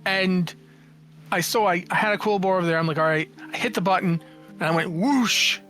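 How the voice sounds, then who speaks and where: A man in his forties with a high, light voice tells stories as an interview guest. He is animated and jokey and acts out what people said, with frequent restarts. Faint music plays under him. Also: fast talker. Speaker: interview guest, games journalist and writer. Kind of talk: casual storytelling in an interview.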